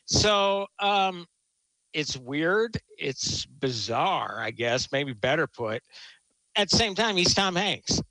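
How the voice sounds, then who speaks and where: A man's voice: a little high, expressive, slow, sharp tone, dry recording, poor audio. A man talking casually about a film, enthusiastic and rambling, often restarting his sentences. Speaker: film critic guest. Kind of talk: casual chat.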